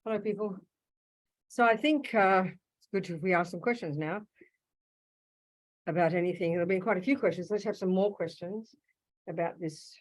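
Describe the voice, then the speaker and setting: A woman's voice: medium pitch, moderate pace, long pauses, rough recording. An Australian woman teaching a Buddhist class, blunt and direct, calling listeners sweetheart and darling. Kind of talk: teaching a live Q&A session. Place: meditation hall with an audience. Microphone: handheld microphone.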